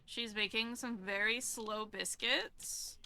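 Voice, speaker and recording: Woman streamer, casual gaming chat, very bright tone, unhurried. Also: on the high side. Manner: cooing baby talk to her cat between game remarks; excitable cheering bursts. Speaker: live streamer.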